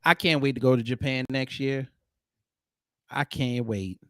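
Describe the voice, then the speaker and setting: A man giving casual, joking reaction commentary, animated and sometimes shouting. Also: mid-range voice, a little slow.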